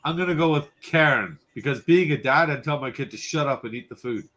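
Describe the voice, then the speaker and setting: A man's voice: mid-range voice, brisk, fairly bright tone. A man co-hosting a casual podcast, teasing the others in playful banter. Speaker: podcast co-host. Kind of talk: casual chat.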